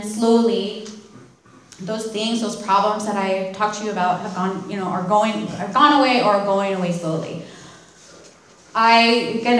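A woman's voice: medium pitch, distant mic, a little hiss or hum. A woman candidly telling her recovery story at a meeting, with self-deprecating humor. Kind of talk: personal testimony talk. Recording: very echoey room.

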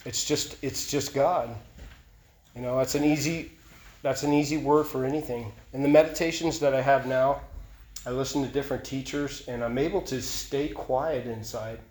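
A man's voice: medium pitch, fairly even intonation, moderate pace, darkish tone. A man giving an earnest, confessional personal testimony at a recovery meeting, often repeating and restarting his phrases. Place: meeting room. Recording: echoey meeting room.

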